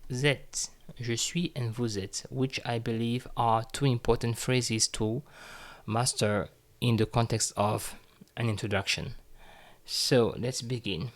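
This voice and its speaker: A man teaching French phrases, speaking slowly and deliberately and repeating each phrase for learners. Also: medium pitch. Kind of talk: slow, careful language lesson.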